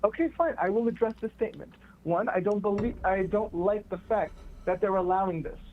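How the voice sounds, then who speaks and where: A man's voice: high-pitched, steady tone, a little fast, a little hiss or hum. Guy calling in on a crappy phone line, defensive, keeps repeating himself and stumbling. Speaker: caller. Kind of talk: heated call-in argument.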